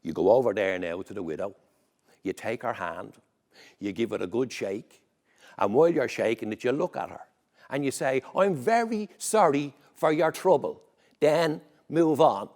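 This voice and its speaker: A man voicing a knowing older Dublin wake organiser, giving quiet, confiding instructions. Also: mid-range voice, animated, moderate pace, close to an everyday voice.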